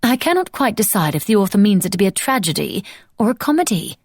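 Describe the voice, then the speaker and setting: Brief: falsely gracious young society lady for an audiobook, bright and high-pitched, voiced by a woman narrator. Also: very animated, fast talker, breathy edge, dry recording, clean studio sound. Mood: gushing, sly. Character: poised, scheming young Regency society lady. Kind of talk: audiobook character voice.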